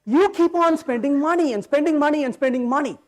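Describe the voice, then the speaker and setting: A man's voice: very high voice, fairly quick. A man giving a conference talk, telling jokes and throwing rhetorical questions at the audience. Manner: animated, joking storyteller. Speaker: conference speaker. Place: conference hall stage.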